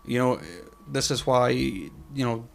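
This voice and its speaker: A man in easy podcast conversation, his voice sitting at an ordinary middle pitch. He rambles, hunts for words, swears casually and lets phrases drift off quietly. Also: slow pace, vocal fry. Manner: trails off quietly mid-sentence. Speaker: podcast co-host. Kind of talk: casual chat.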